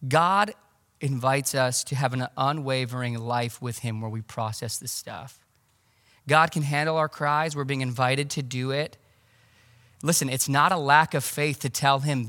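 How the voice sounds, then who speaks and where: Pastor guy giving a sermon, chatty and lively, bright sharp voice, big hall echo. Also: mid-range voice, moderate pace. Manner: conversational, animated preaching with asides. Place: church.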